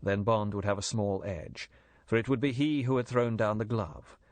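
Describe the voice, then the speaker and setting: A man narrating a thriller audiobook in a measured, steady storytelling manner. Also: on the low side, dry recording. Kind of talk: scripted narration.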